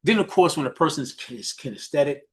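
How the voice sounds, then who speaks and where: A man from New York with a New York accent, a business mentor giving a fast, animated coaching talk on a group call, full of restarts and repeated questions. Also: fairly high pitch.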